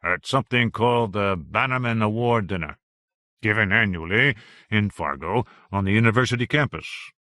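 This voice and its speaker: A man voicing a researcher giving brisk, factual findings in an audiobook. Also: on the low side, bright, forceful tone, dry recording, clean studio sound. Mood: businesslike.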